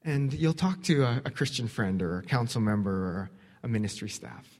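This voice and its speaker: A man preaching a sermon as pastor, earnest, swinging between emphatic questions and soft, quiet lines. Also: fairly low pitch, expressive, moderate pace. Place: church sanctuary. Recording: long hall reverb.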